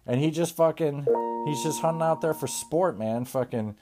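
A man hosting a podcast in a crude, rambling comedic rant, swearing constantly and often trailing off into low mumbles. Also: moderate pace, over loud music. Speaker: podcast host.

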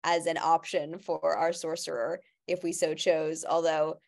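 A woman's voice: sits low, little pitch movement, measured pace, gravelly, darkish tone. A woman co-hosting a casual podcast chat, talking in a rambling way with many restarts and fillers. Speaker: podcast co-host.

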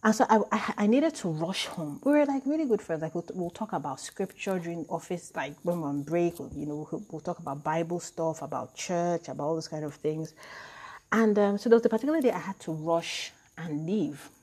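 Husky-voiced woman talking, chatty and animated. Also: fairly low pitch, fairly quick. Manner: chatty, animated, laughs at herself. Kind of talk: casual reflective monologue.

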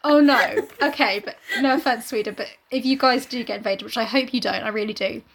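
A woman's voice: a little high, fairly quick, creaky. A woman co-hosting a casual book podcast, rambling animatedly through her thoughts and cracking jokes. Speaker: podcast co-host.

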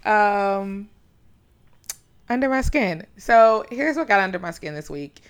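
Smooth-voiced laid-back woman. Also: mid-range voice, expressive, slow pace. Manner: laid-back, laughs often. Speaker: podcast co-host. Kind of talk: casual chat.

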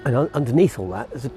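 This man has a medium-pitched, dark-toned voice. He's walking his dog outdoors along a street, musing aloud in a meandering monologue, restarting sentences and chuckling as he goes.

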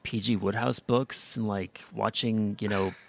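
A man's voice: on the low side, fairly even intonation, normal speed, vocal fry, dry recording. A young American man hosting a podcast, chatting casually and rambling with lots of fillers and restarts. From United States. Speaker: podcast host. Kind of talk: casual chat.

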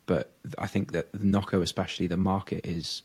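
Deep gravelly man in casual chat. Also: level tone, fairly quick, darkish tone. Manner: chatty storytelling, frequent "like" fillers and laughs. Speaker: podcast co-host, powerlifter.

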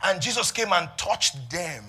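A male pastor preaching an impassioned sermon, swinging between hushed asides and shouted passages. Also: high voice, sing-song, measured pace, husky.

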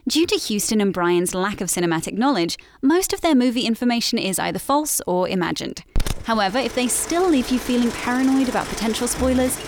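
A woman reading a scripted disclaimer in a deliberate announcer style. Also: on the high side, expressive. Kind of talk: scripted read.

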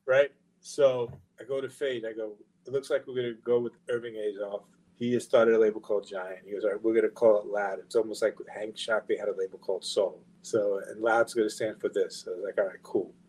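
A middle-aged man, a record label founder appearing as a podcast guest, speaks a little fast in a lowish voice. He spins a long, casual, profane story and acts out the quoted dialogue, heard through a rough recording.

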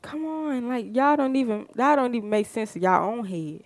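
A woman's voice: on the high side, normal speed, dry recording. A woman hosting a podcast, talking in a fired-up, emphatic casual monologue full of rhetorical questions. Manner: fired-up, emphatic, frequent "you know what I'm saying". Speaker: podcast host.

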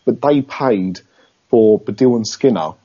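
A man co-hosting a podcast in casual chat, dry and teasing, with a husky voice. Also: medium pitch, unhurried, mellow, highs cut off. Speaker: podcast co-host.

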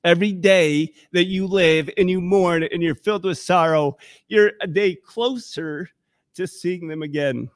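A man's voice: high voice, unhurried, no echo, studio quality. A man preaching a sermon in a church, talking in a conversational, emotional and impassioned way. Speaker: pastor.

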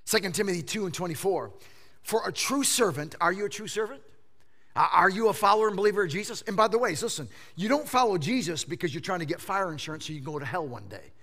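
A man in his fifties preaching a sermon, swinging between hushed low moments and loud emphatic outbursts, often stammering and repeating words as he pushes a point. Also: animated, quick pace. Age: 50s. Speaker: pastor.

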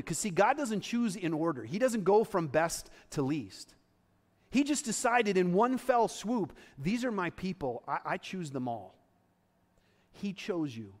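A man with a notably high speaking voice delivers a sermon, talking to the congregation like a friend while pressing his points home. His words ring out with a long reverb, as if in a large church sanctuary. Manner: conversational, emphatic preaching with asides to the congregation. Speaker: pastor.

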